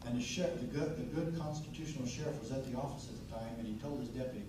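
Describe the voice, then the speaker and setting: A man's voice: rapid-fire, hardly any pauses. Fiery male rally speaker, echoey and distant. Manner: preacherly, swings from low storytelling to loud rousing declarations. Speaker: former sheriff, rally speaker. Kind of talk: impassioned rally speech, storytelling. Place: outdoor rally through a PA. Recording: echoey PA sound from far off with background noise.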